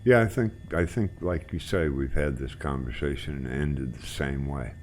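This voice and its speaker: A man hosting a flight sim group, chatting in a relaxed, rambling way while he flies. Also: a bass voice, normal speed, slight background noise. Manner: relaxed, rambling, trailing off quietly. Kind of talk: casual chat while flying.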